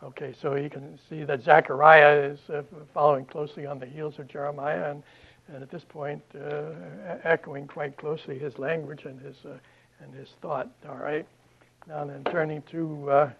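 A man giving a classroom Bible lecture, halting often with fillers and restarts. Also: a little high, level tone, vocal fry. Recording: dull lo-fi lecture recording.

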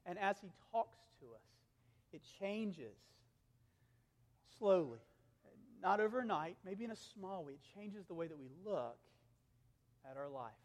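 A pastor in his thirties delivers an earnest sermon with a strikingly high-pitched man's voice. He swings between emphatic, raised passages and hushed, intimate asides. A long reverb trails every phrase, as in a large sanctuary. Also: animated, a little slow, long pauses.

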